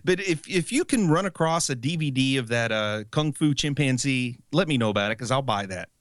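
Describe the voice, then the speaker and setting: A man's voice: mid-range voice, expressive, a little fast, no echo. A man with a mid-range voice that rises and falls a lot, co-hosting a movie podcast. He talks in an easygoing, rambling way, laughs often, and sounds dry and close to the mic. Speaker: podcast co-host. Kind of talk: casual movie review chat.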